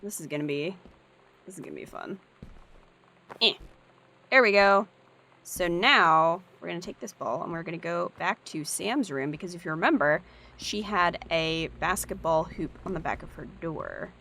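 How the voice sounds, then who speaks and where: A woman's voice: lowish voice, lively intonation, normal speed, sharp tone. A woman giving casual, upbeat gameplay commentary and thinking aloud as she plays. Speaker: let's play host.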